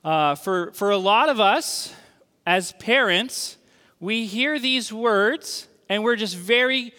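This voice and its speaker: A man's voice: high-pitched, slow, pushed and bright. A man preaching a sermon to a room of people, talking in a loose, conversational way and checking in with them often. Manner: conversational, checks in with the audience with frequent "okay?". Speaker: pastor. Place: church hall with an audience. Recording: reverberant hall.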